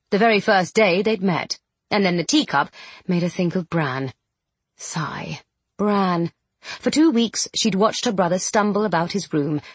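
Woman narrating a novel, measured and expressive, slightly husky, dry studio sound. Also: fairly low pitch, dry recording. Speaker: audiobook narrator. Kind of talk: scripted narration.

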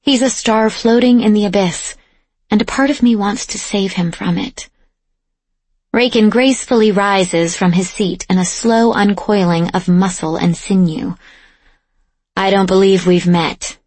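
A woman giving steady, measured first-person audiobook narration, close to the mic. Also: medium pitch, husky, no echo.

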